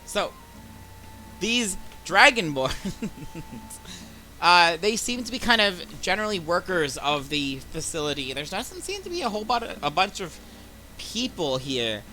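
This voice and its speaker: A man's voice: high voice, very animated, a little slow, long pauses, bright, forceful tone, a little hiss or hum, low-quality recording. A young man running a tabletop game as dungeon master, loose and joking, often laughing.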